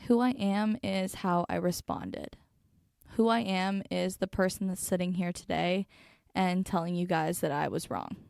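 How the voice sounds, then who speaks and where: A woman's voice: fairly low pitch, fairly even intonation, unhurried, gravelly, a little mellow, no echo. A young woman hosting her own podcast, thinking aloud in an earnest, reflective way with lots of fillers and restarts, sitting close to a microphone. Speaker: podcast host. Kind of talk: reflective solo podcast talk. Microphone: studio microphone, close.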